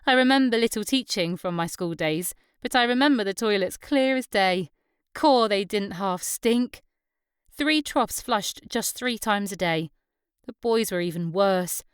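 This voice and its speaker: A woman voicing Susan, a bold, chatty young local woman who talks in a brash, lively way. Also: medium pitch, measured pace, clear, resonant tone, dry recording, studio quality, close to an everyday voice. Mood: storytelling.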